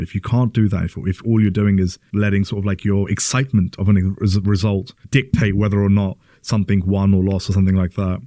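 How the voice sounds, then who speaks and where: A man's voice: deep voice, warm tone, no room sound, studio quality. A man co-hosting a podcast, explaining his views in a thoughtful, casual way. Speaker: podcast co-host. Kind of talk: casual conversation.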